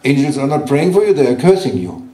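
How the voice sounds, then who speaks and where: A man giving a sermon at a religious gathering, speaking gently and teasingly in broken English to reassure his listeners. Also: mid-range voice, sing-song, fast. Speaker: sheikh giving a religious talk. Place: large hall at a gathering. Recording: roomy hall, voice from far off.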